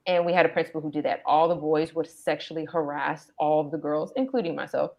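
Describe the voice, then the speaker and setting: A woman's voice: low voice, fast, highs cut off. A middle-aged mother in casual chat, telling a story in a blunt, emphatic way. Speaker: mother and co-host.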